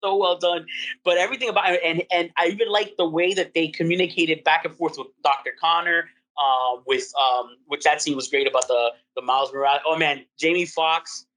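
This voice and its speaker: A man co-hosting a podcast, chatting casually about a film with rambling fan excitement. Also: a little high, brisk, low-quality recording. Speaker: podcast co-host. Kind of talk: casual movie review chat.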